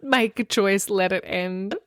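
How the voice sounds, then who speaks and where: A woman's voice: medium pitch, takes it slowly, no room sound, clean studio sound. A woman co-hosting a book podcast, chatting casually and laughing often at herself. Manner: giggly, self-deprecating, laughs often. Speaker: podcast co-host. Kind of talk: casual chat.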